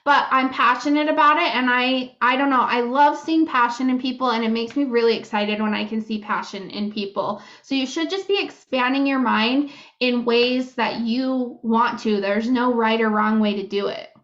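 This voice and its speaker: High-voiced woman in candid podcast chat. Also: steady tone, normal speed, fairly bright tone, muffled recording. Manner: candid, swears, giggly. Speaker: podcast co-host. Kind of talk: casual chat.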